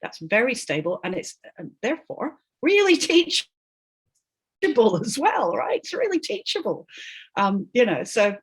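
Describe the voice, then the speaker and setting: Woman, linguist guest, husky voice with a lively pitch, emphatic and teacherly. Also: moderate pace. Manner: emphatic, often tags "right?", laughs between points. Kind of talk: animated explanatory interview talk.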